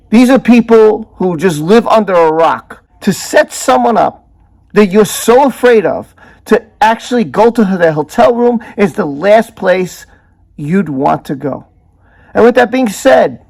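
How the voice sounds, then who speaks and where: A man's voice: sits high, vocal fry, darkish tone. A man hosting his own channel, giving indignant and emphatic commentary and stacking up strong words. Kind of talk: opinionated video commentary.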